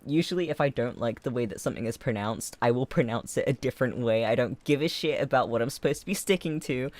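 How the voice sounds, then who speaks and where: A streamer from England with a mixed English and American accent, chatting casually on a livestream. He talks in a mid-pitched voice, drifts softly into gentle tangents and then jumps up loud when he gets excited. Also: a little fast, dry recording. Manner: swings from soft and gentle to loud and excitable, laughs often. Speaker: streamer host.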